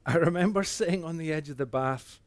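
A man's voice: on the high side, brisk, no room sound. Earnest man, dry close sound. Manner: earnest storytelling that swings between hushed and animated. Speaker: speaker giving a testimony. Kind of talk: personal faith testimony.

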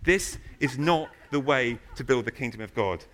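A man preaching a sermon in a church, telling stories with animated, loud emphasis. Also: medium pitch, moderate pace, a little hiss or hum.

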